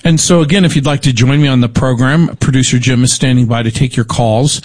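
A man's voice: mid-range voice, steady tone, brisk, hardly any pauses. Chatty male radio call-in host. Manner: warm welcoming, loose with fillers and restarts. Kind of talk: casual radio talk. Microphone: studio broadcast mic.

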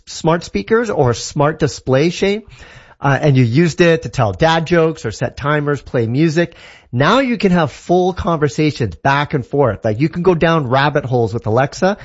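A Canadian man appears as a tech guest, explaining technology in a casual, enthusiastic, rambling way, full of fillers and restarts. His voice is fairly high and husky, and the recording has its highs cut off.

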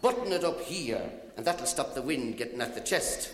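A man voicing a self-assured man calmly giving advice, in an echoey hall. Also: medium pitch, moderate pace, natural voice. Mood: instructive. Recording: echoey hall, audience noise.

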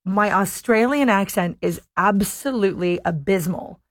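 A woman's voice: mid-range voice, moderate pace, no echo, studio quality. A woman hosting a radio talk show, chatting in a playful, casual way. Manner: chatty, playful, laughing asides. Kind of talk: casual chat. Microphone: studio microphone.

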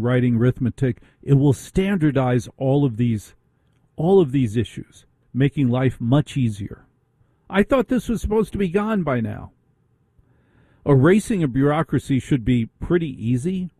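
Man, talk radio host, middle-aged, indignant rhetorical monologue, husky, dark tone. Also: medium pitch, dry recording.

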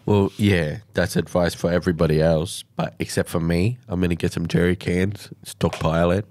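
A man's voice: low-pitched, fairly even intonation, a little mellow. A man with an Australian accent co-hosting a casual radio show, joking and teasing his partner. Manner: joking, teasing, quick asides. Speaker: radio co-host.

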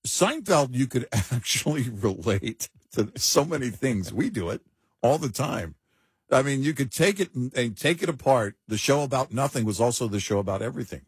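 A man's voice: medium pitch, expressive, normal speed, husky, no echo, studio quality. A man co-hosting a talk show, chatting casually with wry, chuckling asides. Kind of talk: casual chat.

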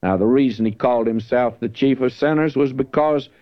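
A man's voice: medium pitch, brisk, dry recording. A man preaching a verse-by-verse Bible teaching sermon, earnest and emphatic, lifting his voice when he reads scripture. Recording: dull lo-fi dry recording.

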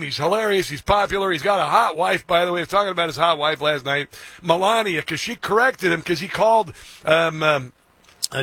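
Excitable talk radio host, husky voice. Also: male voice, sits high, fairly quick, no room sound. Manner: excitable, mocking, many fillers and restarts. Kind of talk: opinionated talk radio monologue.

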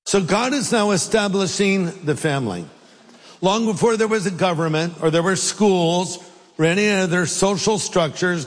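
A man preaching an animated, joking sermon as a pastor in a large church hall. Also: high voice. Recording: long hall reverb.

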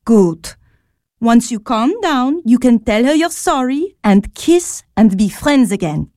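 A woman's voice: fairly high pitch, very animated, slow pace, warm tone, no echo, studio quality. A woman voicing a kind, motherly older sister who speaks soothingly and patiently in an audio drama.

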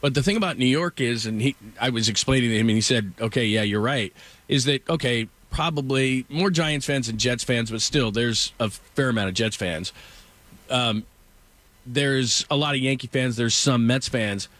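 A man's voice: mid-range voice, normal speed, fairly bright tone. A middle-aged man hosting a casual sports talk show, rambling through stories with lots of asides. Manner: rambling storyteller with frequent asides.

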